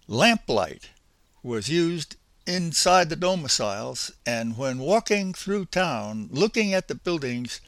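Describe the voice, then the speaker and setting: A man's voice: medium pitch, a bit bright, dry recording. Older man telling a folksy memoir. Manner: unhurried, folksy, reflective. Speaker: storyteller. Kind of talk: spoken memoir narration.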